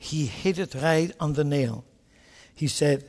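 High-pitched guy preaching a sermon, gets loud and fired up, asks the crowd questions. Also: takes it slowly, long reverb tail. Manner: impassioned, swinging between quiet asides and loud emphatic bursts; talks straight to the congregation with rhetorical questions.

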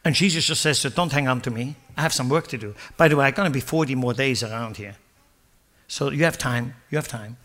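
A man preaching a sermon, asking the congregation questions and swinging from loud, emphatic bursts to hushed whispers. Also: mid-range voice, a little fast. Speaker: pastor.

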